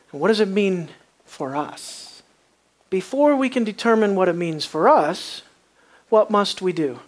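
A preacher delivering a sermon, moving from quiet, low passages to loud, emphatic peaks and asking the congregation many rhetorical questions.

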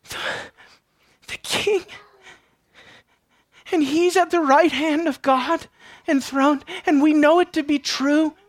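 A woman preaching a sermon with passion, dropping to a hush and then rising loud, at times out of breath. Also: sits high, fairly even intonation, slow pace, pauses often, dry recording, clean studio sound. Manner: impassioned, swings from hushed to loud.

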